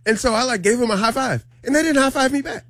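A man hosting a morning radio show, telling animated stories in casual banter. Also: extremely high pitch, fast, no echo, clean studio sound. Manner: animated storyteller.

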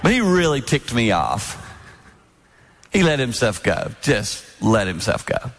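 A man in his sixties with a medium-pitched voice and measured pace preaches in a hall at a marriage event, giving a sermon-style talk on marriage. He tells stories animatedly, mimicking voices, and the recording has a long hall reverb.

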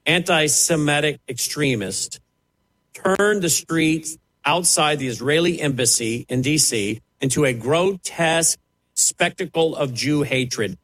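A man's voice: a little high, a bit bright, poor audio. A man preaching, fiery and emphatic, mocking the voices he quotes. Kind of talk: preaching sermon.

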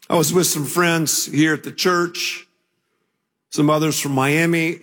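An older man preaching a sermon as pastor, telling a story in a relaxed conversational way before building to emphatic declarations. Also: a little high, slightly rough, long reverb tail.

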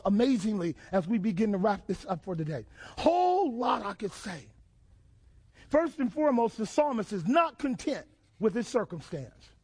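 High-voiced preacher with rising shouts. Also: male voice, breathy edge. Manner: preaching with call-and-response questions and rising shouts. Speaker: pastor. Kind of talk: sermon.

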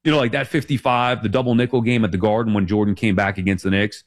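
A man's voice: fairly low pitch, fairly even intonation, fast. A man in his forties hosting a sports talk show, rambling and emphatic as he corrects himself. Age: 40s.

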